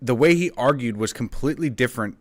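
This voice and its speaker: A man's voice: medium pitch, animated, fast. A man co-hosting a casual podcast, talking steadily and firmly about his views, with short laughs. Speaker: podcast co-host. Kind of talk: casual political podcast chat.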